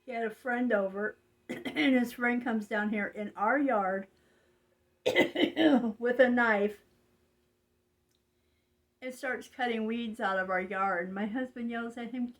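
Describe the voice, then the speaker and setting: An older woman talking slowly and rambling in a confiding way, with frequent fillers. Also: fairly high pitch, low-quality recording. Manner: slow, rambling, confiding, with frequent "you know". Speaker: vlogger. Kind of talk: casual monologue.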